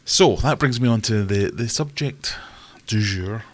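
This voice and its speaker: A man's voice: lowish voice, unhurried, slight background noise. A man hosting a casual live stream, chatting and greeting viewers in a self-deprecating way.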